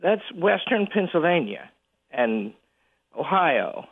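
A man being interviewed on the radio as a college president, chuckling often and talking in halting bursts with many restarts. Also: on the high side, very animated, vocal fry, slightly rough, dry recording. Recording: tinny phone line.

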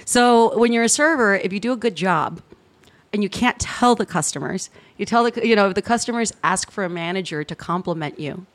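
Animated woman from South Texas telling stories. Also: mid-range voice, fairly quick. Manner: animated storyteller, laughs often. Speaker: guest comedian. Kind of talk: casual podcast chat.

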